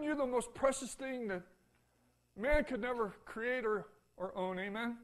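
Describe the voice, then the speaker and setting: A man preaching a sermon in a church, folksy and repetitive, swinging between loud calls and soft, hushed lines and asking for an "Amen". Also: extremely high pitch, a little slow. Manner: folksy, repeats phrases, asks the congregation "Amen?". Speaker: pastor.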